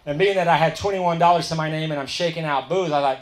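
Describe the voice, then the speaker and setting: A man's voice: a little high, fast talker. A man with a slightly raised voice shares his recovery story with a meeting. He talks in a candid, emphatic, everyday way, throwing in asides as he goes. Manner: candid, conversational, colloquial and emphatic.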